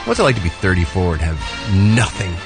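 A male radio co-host with a lively, swooping delivery who teases his partners with mock insults. He reads celebrity birthdays in a brisk, jokey patter. Background music bed plays faintly under his voice. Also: low voice, creaky. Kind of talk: morning radio banter.

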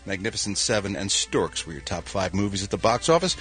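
A man's voice: lowish voice, big pitch swings, a little fast, few pauses, a bit bright, slightly rough, soft background music. A man reading showbiz news on a morning radio show, wry and sarcastic, with punchy lines and mumbled asides.

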